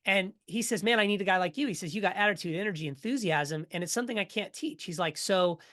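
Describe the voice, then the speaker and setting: A middle-aged man, a podcast guest, telling his story in a casual, energetic way and acting out what others said. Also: high-pitched, quick pace. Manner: energetic, animated storyteller who acts out quotes.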